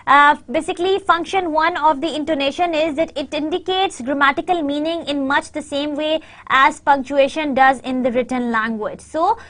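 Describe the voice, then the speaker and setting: Woman lecturer with a high voice, Urdu-speaking, filler-heavy delivery, slow read-out examples. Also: a bit bright. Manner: many fillers, reads out example sentences slowly. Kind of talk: university lecture.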